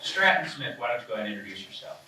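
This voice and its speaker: Guy running a comedy d&d game on stage, lively up and down voice, echoey club from far off. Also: medium pitch. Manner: joking, chatty, quick asides. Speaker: game master. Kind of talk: live comedy tabletop game narration. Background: audience laughter.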